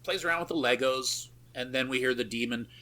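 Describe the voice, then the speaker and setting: A man's voice: medium pitch, brisk, bright, forceful tone. A man co-hosting a podcast, recapping a film in a loose, profane way with lots of fillers and easy laughs. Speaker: podcast co-host. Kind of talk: casual chat recapping a film.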